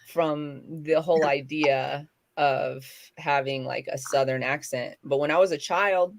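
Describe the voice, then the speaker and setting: A woman's voice: low voice, fairly even intonation, a little slow. A middle-aged woman co-hosting a casual chat, rambling and correcting herself as she talks. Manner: chatty, rambling, self-correcting. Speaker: co-host.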